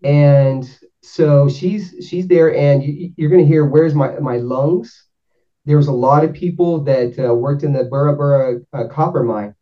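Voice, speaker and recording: A man's voice: a little high, moderate pace, hardly any pauses. A man from North Georgia, casually telling a rambling story and correcting himself as he goes. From North Georgia, USA. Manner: rambling, self-correcting, animated when quoting. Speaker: guest explaining spirit sessions. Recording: dull, distant from the mic.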